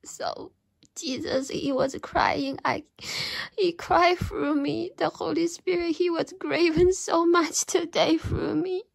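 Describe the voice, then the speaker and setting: A woman's voice: extremely high pitch, steady tone, slow pace, gravelly, no echo, poor audio. A woman giving an emotional religious testimony and prayer, tearful and pleading, often dropping to a whisper. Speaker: Christian believer giving testimony.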